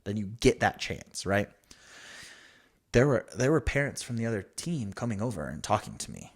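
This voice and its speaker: A man in his thirties, speaking at normal speed in a lowish voice, shares a story while co-hosting a podcast. The chat is casual, and he animates it by quoting others in their own voices.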